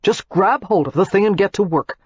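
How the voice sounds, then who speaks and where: A woman's voice: mid-range voice, brisk, darkish tone, breathy edge, no room sound, highs cut off, voice pushed up. A woman narrator voicing a curt, impatient young male entrepreneur with dry sarcasm, in an audiobook. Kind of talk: audiobook character reading.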